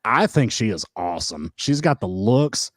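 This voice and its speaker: On a casual podcast reviewing wrestling, this co-host laughs frequently and spins lively stories. His voice is on the low side, at a normal speed, and there's no echo.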